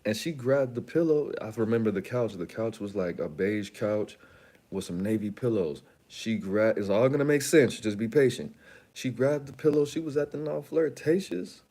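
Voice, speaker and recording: A man's voice: medium pitch, animated, moderate pace, dark tone. A man hosting his own channel, telling a long story in a rambling, slangy, casual way with lots of asides. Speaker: channel host.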